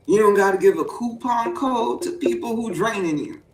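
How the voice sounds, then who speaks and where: A woman giving a playful sermon-style riff on a voice call, preachy and repetitive, bursting into high whoops. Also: moderate pace, a little mellow. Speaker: show participant preaching to the group. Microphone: voice chat mic. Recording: roomy, distant voice chat audio, faint hum.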